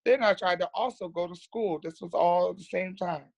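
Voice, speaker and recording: A woman's voice: fairly low pitch, moderate pace, gravelly, darkish tone, no room sound. A woman, a nurse, talking as a podcast guest in a candid, earnest way and repeating words for emphasis. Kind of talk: candid personal storytelling.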